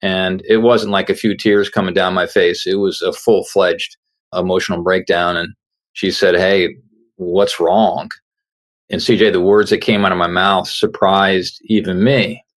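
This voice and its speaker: A man's voice: deep voice, level tone, moderate pace. A middle-aged man, a guest on an interview show, earnestly telling a personal story and acting out the words of the people in it. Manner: earnest storyteller, acts out quoted dialogue. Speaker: guest, author.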